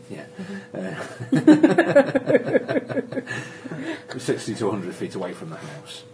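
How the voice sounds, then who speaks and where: A man's voice: medium pitch, wildly swooping pitch, very slow, a crowd in the background. A man running a tabletop game as game master, describing scenes with many ums and restarts. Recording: noisy recording.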